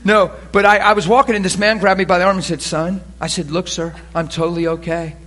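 A pastor telling a story from the pulpit in an animated way, dropping quiet and then laughing and shouting. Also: male voice, sits high, fairly quick. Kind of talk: storytelling sermon. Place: church sanctuary pulpit.

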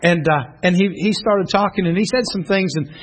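A middle-aged man, a pastor teaching a class in a church room, telling stories in an animated way and often laughing. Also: high voice, moderate pace, breathy edge. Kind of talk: preaching to a class. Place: church classroom, streamed online.

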